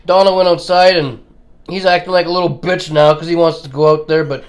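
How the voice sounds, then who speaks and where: Crude Canadian man, eh-heavy and high. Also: fairly quick. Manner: crude, swearing, laughing, tags lines with "eh". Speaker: vlogger. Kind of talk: casual vlog chat. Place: home kitchen table.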